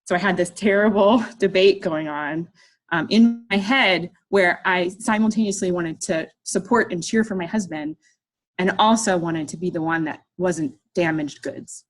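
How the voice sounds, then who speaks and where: In a comic talk, a middle-aged woman artist shares a story from her own life, poking fun at herself and impersonating the people involved. Her voice is on the low side and her pace is normal.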